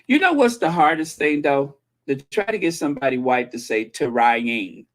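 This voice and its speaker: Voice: mid-range voice, animated, normal speed, a bit bright. A channel host chatting casually, opinionated and breaking into snatches of old TV theme songs. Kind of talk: casual chat.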